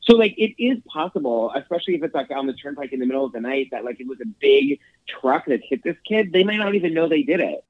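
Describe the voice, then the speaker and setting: A slightly high-pitched man from Boston rambles through a casual chat, leaning on "like" as he goes. The sound is dull and lo-fi, though dry with no echo. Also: big pitch swings, fast. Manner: rambling, hedging with "like".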